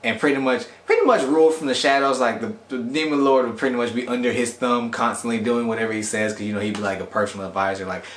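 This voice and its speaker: A man's voice: mid-range voice, fast talker, hardly any pauses, a little hiss or hum. A man rambling through a casual anime episode review in a chatty, loose way. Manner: rambling, chatty, animated quoting. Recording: echoey room.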